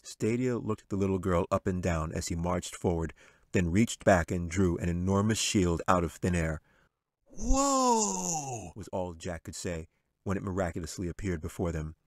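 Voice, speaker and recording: A man, the author, narrating his fantasy novel in a measured, expressive way. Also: sits low, no room sound, clean studio sound. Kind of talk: audiobook narration.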